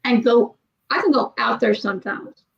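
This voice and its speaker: A woman with a fairly high voice tells loose, rambling stories in an easygoing chat. She often slips into acting out other people's lines. The audio is dull and lo-fi. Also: moderate pace, vocal fry. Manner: rambling, animated storytelling with acted quotes. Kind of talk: casual chat.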